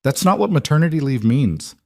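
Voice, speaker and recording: A man voicing a patient single father, talking gently but firmly in a story reading. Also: a little high, very animated, fairly quick, vocal fry, no room sound, studio quality, voice pushed up, exaggerated voice. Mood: teasing. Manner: gentle, reassuring.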